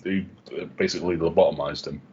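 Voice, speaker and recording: A man co-hosting a film podcast, chipping in with quick asides and acted quotes. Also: deep voice, steady tone, darkish tone, slight background noise. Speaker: podcast co-host. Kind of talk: casual film chat. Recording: dull lo-fi mic.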